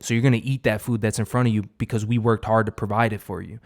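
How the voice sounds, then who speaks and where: A man's voice: lowish voice, little pitch movement, fast, gravelly. A young man giving an unscripted, profane motivational monologue as a vlogger, rambling with many fillers and restarts.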